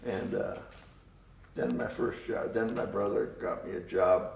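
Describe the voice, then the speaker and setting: A man's voice: fairly low pitch, fairly even intonation, unhurried, vocal fry, a little mellow, a little hiss or hum. An older man reminiscing in an oral history interview, rambling and chuckling as he tells stories. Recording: roomy room, distant mic.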